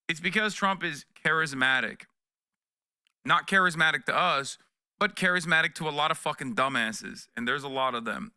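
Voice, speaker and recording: A man's voice: medium pitch, sharp tone, smooth, dry recording. A man in his thirties reacting to news clips on a live stream, sarcastic and profane, close to a desk mic. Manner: profane, sarcastic, mocking voices.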